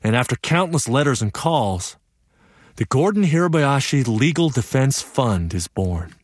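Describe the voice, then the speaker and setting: A man's voice: medium pitch, a little slow, no echo, clean studio sound. A man playing an earnest young storyteller. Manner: lively, earnest, wry storytelling. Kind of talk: one-man stage play narration.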